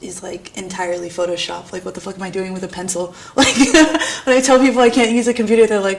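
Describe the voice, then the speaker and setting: A woman's voice: medium pitch, brisk, vocal fry. Young irreverent New woman. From New York. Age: young adult. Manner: irreverent, self-mocking, laughs often, swears casually. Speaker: art student. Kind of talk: candid documentary interview.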